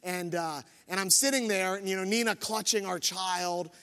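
Male pastor, thirties, high voice, self-deprecating storyteller, church hall with long reverb. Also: normal speed, bright, forceful tone. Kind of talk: sermon with personal story.

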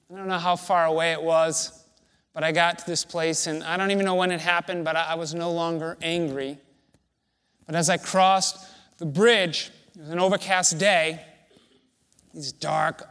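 A man preaching as a pastor, his voice sitting a little higher than most men's. He tells a personal story in a relaxed, conversational and self-deprecating way. His words ring out with a long reverb, as if in a large hall. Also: normal speed. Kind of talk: sermon.

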